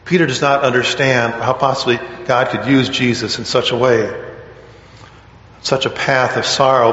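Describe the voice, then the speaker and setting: A man preaching a sermon in an earnest, questioning way. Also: fairly bright tone. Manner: earnest, questioning, rises in pitch on read-out quotes. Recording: echoey hall, dull lo-fi sound.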